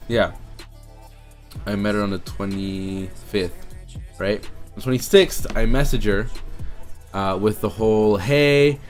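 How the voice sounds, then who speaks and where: A young man telling a long personal story to his viewers, rambling, excitable and swearing a lot. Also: on the low side, unhurried, pauses often, soft background music. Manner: excitable, rambling and heavily profane. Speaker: streamer and YouTuber. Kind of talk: casual storytelling to camera.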